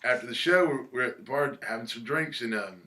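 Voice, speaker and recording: A man's voice: medium pitch, a little fast, pushed and bright. A man telling stories in a casual interview, laid-back, swearing freely and acting out what others said. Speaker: musician guest. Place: record shop.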